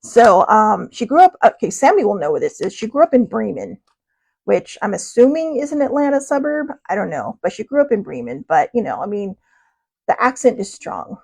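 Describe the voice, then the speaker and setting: A woman's voice: mid-range voice, sing-song, a little fast, gravelly, darkish tone, husky. A woman host telling a funny story in a casual, chatty way, laughing and poking fun at herself. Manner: chatty, laughing, self-deprecating. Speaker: podcast host.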